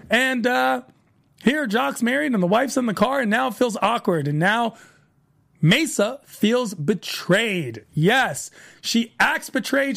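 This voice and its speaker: A man hosting a solo aftershow, retelling scenes in a chatty, animated way and voicing the characters' lines. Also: very high-pitched, creaky. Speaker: podcast host recapping a TV show.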